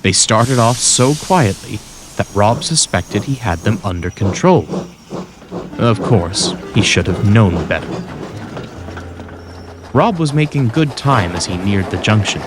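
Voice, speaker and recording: A man narrating a children's storybook in a scripted, expressive way. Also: fairly low pitch, a little slow, long pauses. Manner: expressive, voices every character. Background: music.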